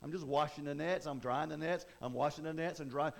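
A man's voice: fairly high pitch, fairly even intonation, brisk, vocal fry. A man preaching a sermon in a conversational way, often repeating and restarting words. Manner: repetitive, stammering restarts, conversational.

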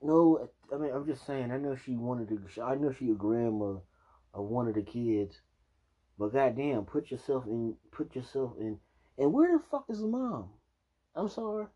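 Man reacting to news, angry and cursing a lot, mellow husky voice, slightly dull recording. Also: medium pitch, moderate pace. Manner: heated, profane ranting with restarts. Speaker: video reactor. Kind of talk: casual reaction commentary.

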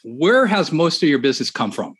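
A man hosting a podcast on real estate and coaching, talking in an energetic, chatty way and laughing often. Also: fairly high pitch, brisk, breathy edge. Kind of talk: casual chat.

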